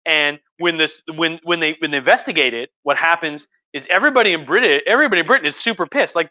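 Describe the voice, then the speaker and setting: Over slightly muffled livestream audio, a wine-tipsy male history professor rambles and jokes through history, restarting often. He speaks quickly with few pauses, in a fairly high, sharp-toned voice.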